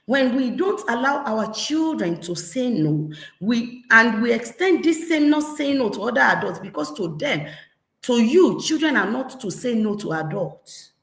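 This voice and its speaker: A woman with a Nigerian accent, a parenting coach giving a lively talk and acting out scolding parents. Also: fairly high pitch, unhurried. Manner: animated, acts out scolding parents. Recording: echoey room.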